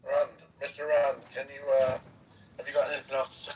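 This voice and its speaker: A man's voice: mid-range voice, completely flat delivery, a little fast, darkish tone. A man debating in an online voice chat, insistent and argumentative. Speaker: chat participant. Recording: distant, dull, noisy online audio.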